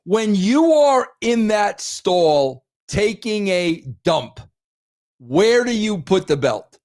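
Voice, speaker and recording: A man's voice: sits high, big pitch swings, slow, darkish tone. A middle-aged man hosting a wrestling show, ranting in a crude, exasperated way and repeating himself for emphasis. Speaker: host. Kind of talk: ranting commentary.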